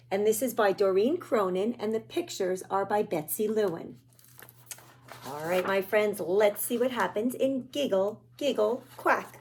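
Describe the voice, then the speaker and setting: A woman reading a picture book aloud to young children, gentle and pointing out the pictures as she goes. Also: mid-range voice, a little slow, slightly rough. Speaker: children's storyteller.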